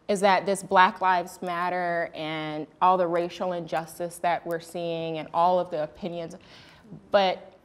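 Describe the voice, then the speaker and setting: A woman hosting a candid panel talk, telling a personal story in an earnest way and acting out the voices of the people in it. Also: lowish voice. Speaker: host.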